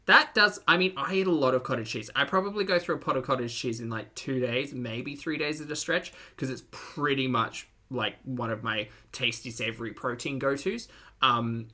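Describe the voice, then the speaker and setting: A man's voice: mid-range voice, moderate pace, pushed and bright. A man with an Australian accent hosting a live reaction stream, chatting casually, laughing often and reading out chat messages.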